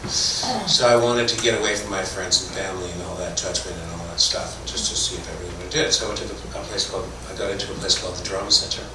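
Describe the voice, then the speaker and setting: Speaking quickly and barely pausing, this middle-aged man from Toronto, Canada, uses a low voice to tell wandering, self-mocking stories as an actor on a convention panel. It's captured from a distant mic in an echoing convention hall with noise behind him.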